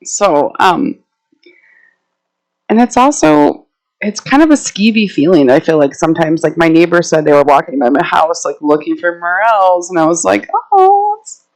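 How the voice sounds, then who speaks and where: A woman's voice: on the low side, moderate pace, darkish tone, low-quality recording. A woman herbalist giving a casual, chatty talk to a live audience, telling stories and laughing often as she walks around the room. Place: indoor meeting room, walking around while speaking.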